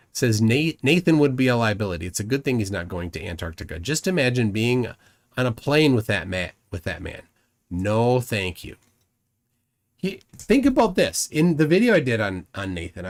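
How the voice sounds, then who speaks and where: A man hosting a livestream, rambling through commentary and reading chat comments aloud, often repeating words as he goes. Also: medium pitch. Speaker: livestream host.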